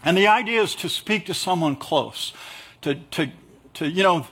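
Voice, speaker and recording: Husky male pastor preaching conversationally. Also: high-pitched, lively intonation, moderate pace, fairly bright tone. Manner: conversational preaching with jokes and acted asides. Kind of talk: sermon.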